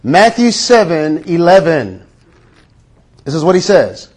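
High-voiced man preaching a sermon. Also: sing-song, unhurried. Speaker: pastor.

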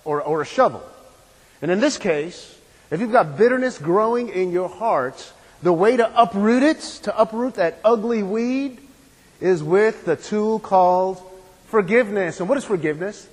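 A man's voice: high voice, animated, moderate pace, big-room sound, low-quality recording. A man preaching a sermon in an earnest, emphatic way, asking the room questions and stressing key words.

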